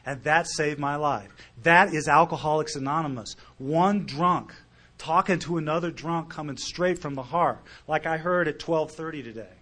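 A middle-aged man stands before a meeting and tells his recovery story in an earnest, heartfelt way. His voice sits a little above the usual male pitch, and he swings from quiet, close moments to loud, punchy lines. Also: moderate pace. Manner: earnest, emotional storytelling with big swings in loudness. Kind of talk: recovery talk to a live audience.

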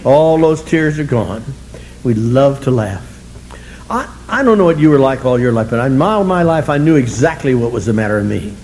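A man's voice: medium pitch, expressive, moderate pace, a little mellow, slight background noise, poor audio. Wry, joking man telling his recovery story. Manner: wry, self-mocking humor, chuckling often; blunt, colorful language. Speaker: recovery meeting speaker. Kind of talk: storytelling talk to an audience.

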